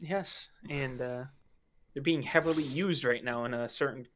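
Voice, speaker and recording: A man's voice: mid-range voice, moderate pace, a bit bright, slight background noise. A man in his twenties in casual podcast chat, rambling and swearing freely. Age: 20s. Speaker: podcast guest.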